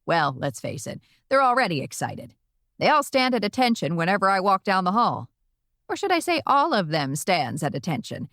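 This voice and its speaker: A woman's voice: mid-range voice, very animated, moderate pace, fairly bright tone, dry recording, studio quality. A woman voicing a brash elderly witch grandmother doing stand-up comedy, with a brassy, bawdy delivery. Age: older.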